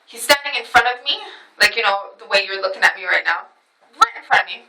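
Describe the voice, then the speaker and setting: A woman telling a personal story to camera in a casual, animated way, swearing freely and acting out what others said. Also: medium pitch, fast, vocal fry, heavy background noise.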